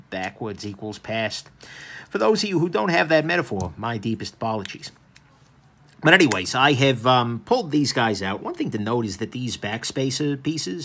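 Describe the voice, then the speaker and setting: A man casually reviewing and taking apart a knife for his channel, wandering into joking asides and filling pauses with "um". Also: mid-range voice, fairly bright tone. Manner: rambling, with joking asides and many ums. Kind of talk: casual hands-on product review.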